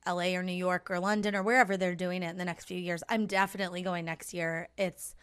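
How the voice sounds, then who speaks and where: A young adult woman co-hosts a podcast, telling stories in casual chat and acting out what people said with animated quoting. Her voice is fairly low, clear and resonant, and she talks fast.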